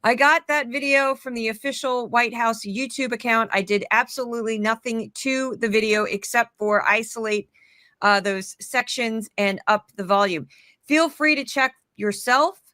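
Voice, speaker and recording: A woman's voice: a little high, moderate pace, sharp tone, dry recording. Woman narrating in a dry, matter-of-fact voice. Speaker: clip narrator. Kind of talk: scripted voice-over.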